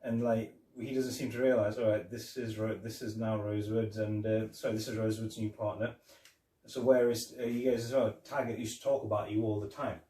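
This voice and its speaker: A man's voice: lowish voice, flat delivery, a little fast, warm tone. A man co-hosting a podcast, chatting casually about a film and retelling scenes, rambling with many fillers. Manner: rambling, retells scenes with quoted lines and laughs. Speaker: podcast co-host. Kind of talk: casual film review chat. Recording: echoey room, distant mic.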